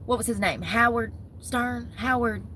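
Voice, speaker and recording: Chatty woman with a bright voice. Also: on the high side, unhurried, a little hiss or hum, low-quality recording. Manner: chatty, gossipy, talks with her hands in words like "y'all" and "homegirl". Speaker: vlogger. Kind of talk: casual chat to camera.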